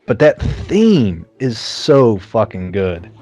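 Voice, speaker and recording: A man's voice: lowish voice, slow pace, soft background music. A man hosting a casual film review chat over beers, retelling scenes with lots of swearing. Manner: profane, lively scene-by-scene retelling. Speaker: podcast host.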